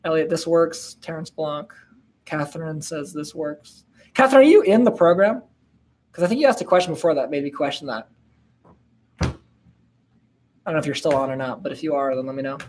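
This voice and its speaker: A man's voice: fairly high pitch, a little fast, pauses often, a little mellow, a little hiss or hum. A man in his twenties hosting a casual live-stream Q&A, laid-back and slangy, with lots of fillers and laughs. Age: 20s. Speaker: host answering viewer questions.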